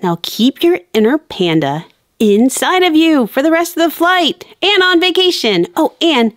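A woman voicing a calm, slightly strict mother working as a flight attendant in a toy play-acting story, with a soothing, orderly way of talking. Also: sits high, unhurried, no echo, studio quality.

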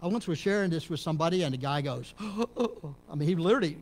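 A middle-aged man from Texas, a pastor preaching a sermon in a church, dropping to low murmurs and rising to loud emphatic peaks. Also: animated, quick pace. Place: church sanctuary.

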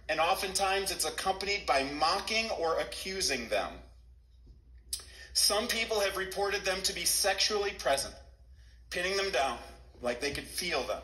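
A man with a high, bright voice teaches a sermon point by point. He speaks earnestly and repeats his key lines for emphasis. His voice rings in a roomy, echoing space. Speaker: pastor.

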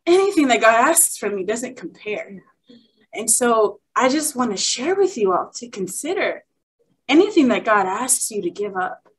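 Husky woman giving an emotional testimony. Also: a little high, very animated, normal speed, poor audio. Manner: heartfelt, emotional, candid. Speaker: women's workshop speaker. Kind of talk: personal testimony sermon.

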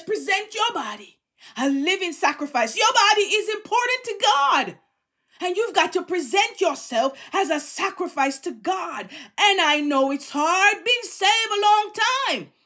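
A woman's voice: extremely high pitch, a bit bright. A middle-aged woman preaching a sermon in a fervent, exhorting way, repeating phrases for emphasis.

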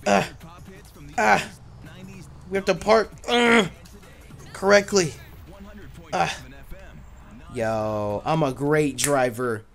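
A man streaming a driving game live, joking loudly and crudely and yelling at the characters on screen. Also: a little high, drawn-out words, gravelly, pauses often, faint music behind. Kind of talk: live gameplay commentary.

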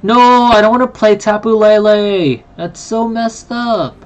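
A card game streamer chatting casually on a live stream, excitable and quick to apologize to viewers. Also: mid-range voice, muffled recording. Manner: excitable, apologetic, talks to chat.

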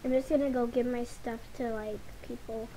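A woman's voice: fairly high pitch, fairly even intonation, moderate pace, mellow, slight background noise, low-quality recording. A young woman casually rambling to her viewers while sorting through game items. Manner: rambling, chatty, talks to viewers. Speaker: gaming channel host. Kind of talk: casual commentary over gameplay.

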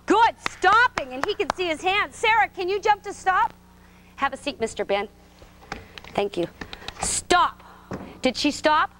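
A woman's voice: very high voice, lively intonation, a little slow, pauses often, noisy background. A woman coaching a preschool gymnastics class, giving short, sing-song, encouraging directions to small children in a gym. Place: indoor gym.

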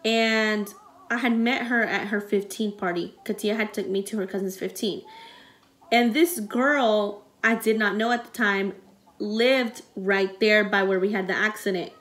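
A woman's voice: medium pitch, a little slow, fairly bright tone. A young woman vlogging, telling a personal story in a rambling, emotional way with many fillers, close to tears.

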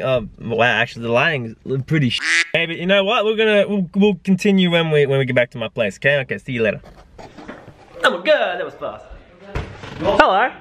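This personal trainer, filming his first vlog on a handheld camera in his car, has a bright, fairly high male voice and an Australian accent. The audio carries no room sound, and he rambles along casually, making fun of himself as he jokes.

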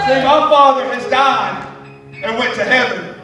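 A male evangelist preaching fervently, swinging from shouted praise to quiet storytelling with laughing asides. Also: extremely high pitch, steady tone, normal speed, over music. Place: church sanctuary. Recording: echoey church hall, mic at a distance.

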